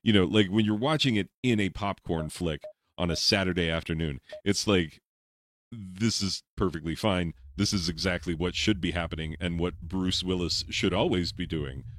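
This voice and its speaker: A man who teaches high school English, rambling in casual commentary while playing a game, full of fillers and laughs. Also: moderate pace, a bit bright, no echo. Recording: game gunfire and explosions behind the voice.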